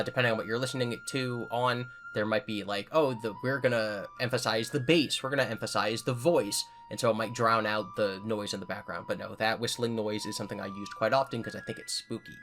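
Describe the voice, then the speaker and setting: A man's voice: mid-range voice, fairly bright tone. Candid man talking things through. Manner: candid, self-correcting, talks things through. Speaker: YouTuber answering viewer comments. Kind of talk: casual commentary.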